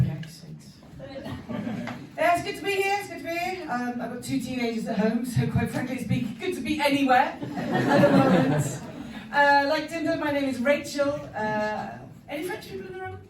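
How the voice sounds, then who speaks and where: A woman's voice: high voice, animated, a little fast, few pauses. British woman doing stand-up in an echoey club. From United Kingdom. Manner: chatty, confiding, builds to loud punchlines. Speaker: stand-up comedian. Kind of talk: stand-up comedy set. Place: comedy club stage. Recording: echoey club from far off, noisy. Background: audience laughter.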